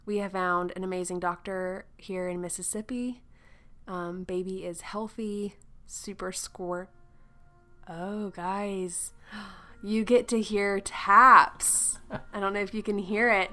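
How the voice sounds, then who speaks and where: A woman's voice: mid-range voice, steady tone, takes it slowly, bright, forceful tone. A young woman hosting a podcast in casual chat, chatty and laughing often, slipping into playful sound effects. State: pregnant. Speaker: podcast host.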